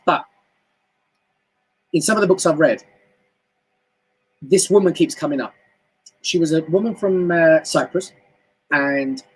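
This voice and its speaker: British guy doing a motivational live stream, bit husky, highish voice, chatty and animated. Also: low-quality recording. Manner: animated, chatty, swoops up into high exclamations. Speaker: motivational speaker. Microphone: home live stream mic.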